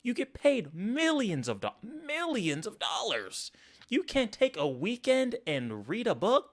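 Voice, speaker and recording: A man rants through a reaction stream, profane and mocking. His pitch swings widely as he talks. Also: huge pitch swings, measured pace. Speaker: streamer reacting to podcast clips. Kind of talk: angry reaction commentary.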